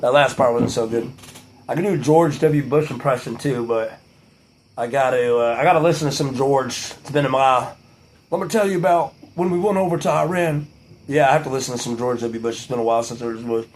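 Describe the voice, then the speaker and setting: A man's voice: medium pitch, fairly even intonation, quick pace. A young man rambling playfully in a casual video monologue. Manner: playful, drifts into pep talk. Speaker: vlogger.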